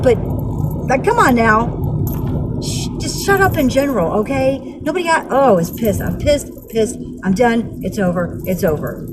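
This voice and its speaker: A woman's voice: fairly high pitch, very noisy. A woman in her forties telling a vlog story in a blunt, heated way, with flashes of anger and weary sighs. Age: 40s. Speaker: vlogger.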